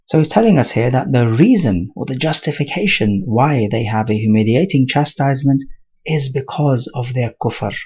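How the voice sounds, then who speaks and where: Male Quran teacher, husky voice, steady explanatory lesson, dull lo-fi sound. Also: medium pitch. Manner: measured explanatory delivery mixing Arabic terms.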